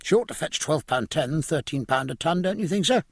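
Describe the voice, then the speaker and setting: A man's voice: a little high, lively intonation, fairly quick, gravelly, no echo, studio quality, voice pushed up. A man voicing an eager young nephew.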